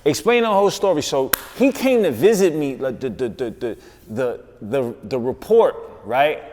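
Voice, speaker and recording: A man with a New York accent, a guest on a podcast, telling a story in an insistent, animated way with street slang. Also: medium pitch, moderate pace, in a large hall. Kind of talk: casual podcast interview.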